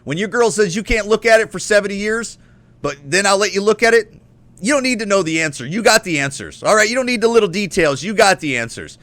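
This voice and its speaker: A man talks straight into the mic in a dry, close recording, hosting his own podcast. His voice is fairly high and bright, and his pitch swings widely. He rants bluntly and profanely in loose slang. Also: lively intonation, fast talker, no echo. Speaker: podcast host. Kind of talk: opinionated solo monologue.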